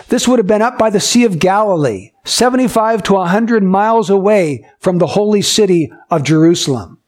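A man's voice: high voice, a little mellow. A male pastor preaching a sermon, reading scripture aloud and then explaining it verse by verse, asking his listeners questions directly. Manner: asks the congregation questions directly.

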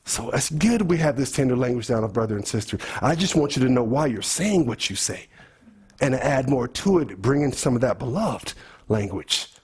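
A man's voice: medium pitch, expressive, moderate pace, breathy edge. A man preaching a sermon, earnestly questioning his congregation.

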